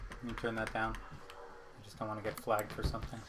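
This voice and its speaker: A man's voice: lowish voice, flat delivery, a little fast, noisy background. Breathless man chatting over a puzzle game. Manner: counts exercise reps aloud between chatty asides. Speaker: streamer. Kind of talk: casual chat while playing a puzzle game. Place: home.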